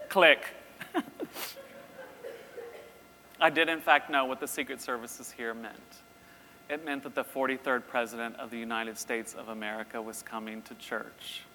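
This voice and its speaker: A middle-aged man telling a lively story in a sermon, acting out voices as he goes. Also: medium pitch, fairly quick, slight background noise. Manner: animated, acts out voices in his story. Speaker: university president giving a talk. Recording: long reverb in a hall, faint ambience.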